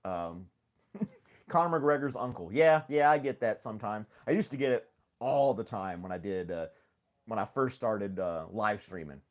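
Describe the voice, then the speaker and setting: A man's voice: lowish voice, animated, normal speed. A man hosting a casual live stream from home, rambling easily, laughing often and greeting viewers by name. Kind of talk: casual chat with live chat readers.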